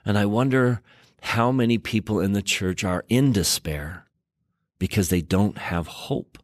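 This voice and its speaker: A man's voice: on the low side, measured pace, no room sound, studio quality. A man hosting a scripture study show, reading verses aloud and stressing key words as he explains them. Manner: emphatic, reads verses aloud and rereads with stress. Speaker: scripture teacher and podcast host.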